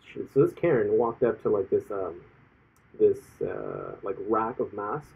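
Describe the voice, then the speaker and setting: A man chatting casually, his low voice husky and airy. He rambles, stacking fillers as he retells events. The sound is tinny and narrow, like a phone recording. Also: measured pace. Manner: rambling, frequent "like" fillers, recounts stories with quoted voices. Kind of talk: casual chat.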